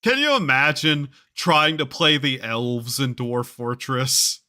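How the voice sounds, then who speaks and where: Mid-range, bright and forceful, his voice comes out slowly as he plays a game on stream. The talk is casual and meandering, with wry self-mockery and the occasional offhand curse.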